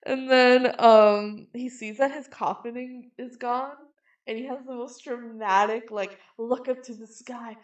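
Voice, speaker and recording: A woman co-hosting a podcast, chatting casually as she recaps a movie and drops into quick acted quotes of its characters. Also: on the high side, steady tone. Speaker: podcast co-host.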